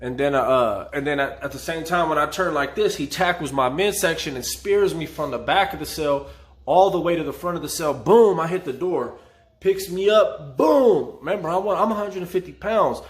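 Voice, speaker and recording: A man's voice: a little high, normal speed. A man from the San Fernando Valley telling a story casually, with vivid street slang. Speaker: channel host telling a prison story.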